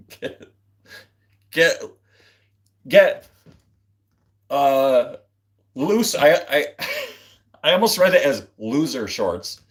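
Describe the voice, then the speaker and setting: A laid-back man rambles through a casual livestream chat, chuckling as he goes. His pitch moves around a lot, and he takes his time with words. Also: very animated, takes it slowly. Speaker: livestream host and guitarist. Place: home streaming setup, seated.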